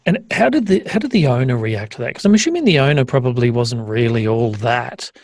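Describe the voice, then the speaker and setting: Man, interview host, mid pitch, brief questions, dry close recording. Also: sing-song, brisk, no room sound.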